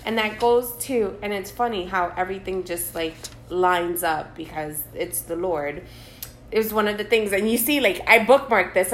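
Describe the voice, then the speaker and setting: A woman's voice: mid-range voice, fairly bright tone, slight background noise. A woman co-hosting a casual faith podcast, talking earnestly and reading Bible verses aloud with emotion. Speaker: podcast co-host. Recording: echoey room.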